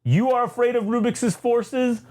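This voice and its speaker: Man doing a cold commanding dark lord. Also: extremely high pitch, fairly even intonation, unhurried, pitched above the performer's own voice.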